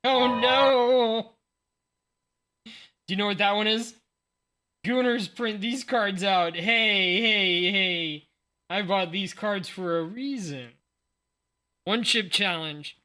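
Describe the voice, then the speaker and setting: A man in his forties chats casually on a livestream with a sleepy morning voice, thinking aloud and poking fun at himself. He talks slowly, drawing out his words in an easy, unhurried way. His tone is bright and sharp. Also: high voice. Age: 40s. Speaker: streamer. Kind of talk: casual livestream chat while unboxing cards.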